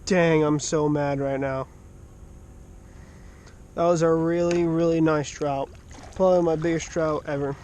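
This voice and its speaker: A man filming his own fishing trip from a small boat, muttering quietly while he waits and shouting in excited bursts when fish strike. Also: a little high, unhurried, pauses often, a little hiss or hum. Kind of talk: casual fishing vlog commentary.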